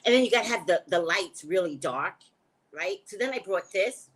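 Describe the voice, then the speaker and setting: A woman's voice: lowish voice, expressive, moderate pace, a bit bright, slightly rough. A woman hosting a casual livestream, chatting back to viewer comments. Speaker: livestream host and psychic reader.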